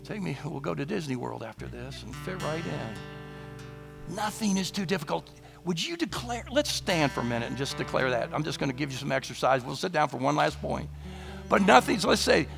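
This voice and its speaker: A man preaching a sermon, his voice hoarse and gravelly, declaring bold lines with rising emphasis. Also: very animated, moderate pace, fairly bright tone, faint music behind. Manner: declaring boldly, rising to emphatic high passages. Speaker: pastor.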